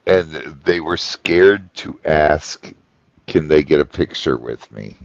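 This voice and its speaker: Super deep slow guy telling a story on a podcast, muffled dry sound. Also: expressive, gravelly, no echo. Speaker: podcast co-host. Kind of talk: casual chat, storytelling.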